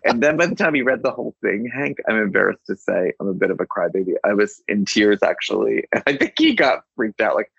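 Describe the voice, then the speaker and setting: A man's voice: on the low side, sing-song, a little fast, vocal fry, few pauses, a bit bright, husky, no echo, muffled recording. A man guest on an author interview, telling a rambling story full of restarts and quoted dialogue. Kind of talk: casual anecdotal storytelling.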